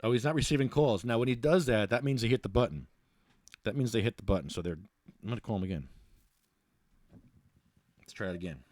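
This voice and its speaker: A man's voice: on the low side, brisk, pauses often, a little mellow, no echo, clean studio sound. A man hosting a casual podcast, ranting bluntly and rambling with many restarts. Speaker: podcast host. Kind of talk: casual ranting talk show monologue.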